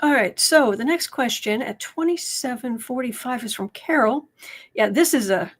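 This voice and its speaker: A woman's voice: a little high, lively intonation, normal speed. A woman doing casual livestream commentary as a tarot reader and political commentator, chatty and sardonic, reading viewer comments aloud.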